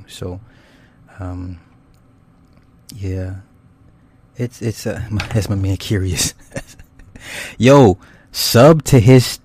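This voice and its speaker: A man's voice: fairly low pitch, a little mellow, no echo. A man hosting a casual livestream, rambling and swearing loosely with frequent laughs as he reads viewer comments. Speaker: YouTube host.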